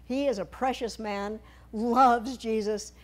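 A woman's voice: on the high side, steady tone, takes it slowly. A woman speaking to a church congregation about a mission trip, walking through slides in a conversational, humorous way with playful asides. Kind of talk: church talk presenting slides. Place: church sanctuary.

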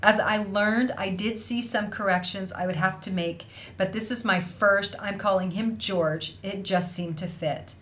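A woman with a mid-range, slightly bright voice hosts a casual livestream for an online felting school, speaking at a measured pace with hardly any pauses. Bubbly and effusive, she reads out viewers' messages and laughs often, with a little hiss or hum in the audio.

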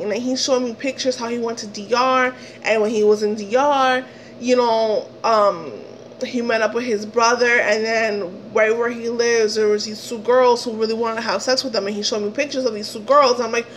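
A young woman vlogger telling a story, animated and indignant, swearing often and acting out the dialogue in a shrill, pleading voice. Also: normal speed, slight background noise, poor audio. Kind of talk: story time retelling.

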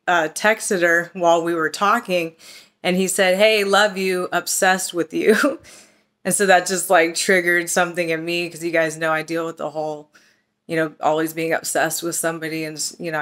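A woman's voice: fairly low pitch, level tone, normal speed, fairly bright tone. A woman coaching on relationships and self-love, telling a story in a casual chatty way and lifting her voice to act out quoted messages. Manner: chatty, storytelling, acts out quoted texts with lifted voice. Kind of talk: casual talk to camera.

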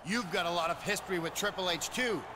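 A man's voice: high voice, fast talker, natural voice. An actor voicing a suspicious male wrestler in a video game cutscene, probing with pointed remarks. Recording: game audio with background noise.

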